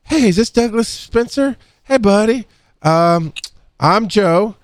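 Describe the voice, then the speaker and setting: A chummy male messenger, hired to break bad news, who keeps calling you buddy and man, as a man puts him on. His pitch swings from bright to low within a few words, and he sounds easygoing and sorry at once. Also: animated, slow, no echo, studio quality. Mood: cheery.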